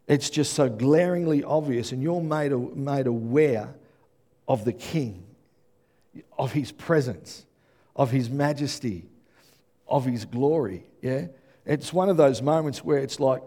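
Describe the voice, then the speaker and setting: An earnest male preacher delivers a sermon in a mellow, dark-toned voice. He stumbles over and repeats words, then climbs to loud, emphatic peaks. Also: fairly high pitch, a little slow.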